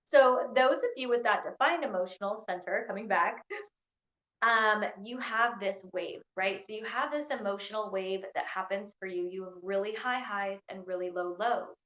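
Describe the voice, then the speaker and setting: A woman leading an online training through her phone, talking in a bubbly, excitable way with lots of "like.". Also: mid-range voice, moderate pace, reverberant, highs cut off. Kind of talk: live online workshop talk. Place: indoors in Scotland during a storm.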